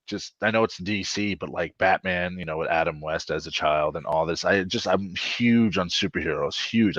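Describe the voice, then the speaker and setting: A man who is an actor, telling stories as a guest in a casual interview, animated and acting out what people said. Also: sits low, no room sound, dull audio. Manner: animated storyteller, acts out quotes, voice cracks when moved. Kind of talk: casual video-call interview.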